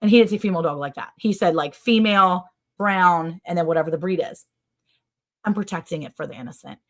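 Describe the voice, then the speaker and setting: A woman hosting a livestream, telling a story to her viewers in a chatty, sarcastic way, full of "like" and big jumps in pitch. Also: fast. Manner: animated, sarcastic, with wide swings in pitch; chatty, with many "like" fillers. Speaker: livestream host.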